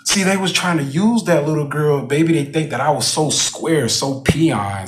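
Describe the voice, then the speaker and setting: A man's voice: medium pitch, animated, unhurried. A man talking casually in a vlog, rambling with repeated asides to the viewer. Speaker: vlogger.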